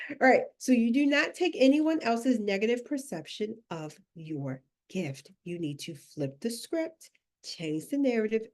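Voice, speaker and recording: A woman career coach giving a live online masterclass, animated and emphatic, laughing often as she coaxes her audience along. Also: medium pitch. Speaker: career and personal branding coach.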